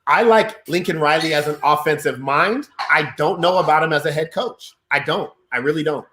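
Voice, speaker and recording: A man's voice: fairly high pitch, moderate pace, bright, forceful tone. Earnest man in an echoey room. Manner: earnest, repeats himself. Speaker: sports podcast guest. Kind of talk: casual sports talk.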